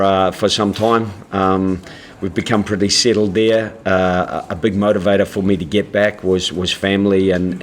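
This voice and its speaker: Man, lowish voice, press-conference coach, careful and halting. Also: slight background noise. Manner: measured, halting, many restarts. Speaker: head coach.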